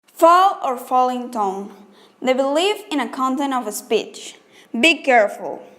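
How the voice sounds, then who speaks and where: Woman, high pitch, student presenter, careful reading of examples. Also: expressive, unhurried, fairly bright tone.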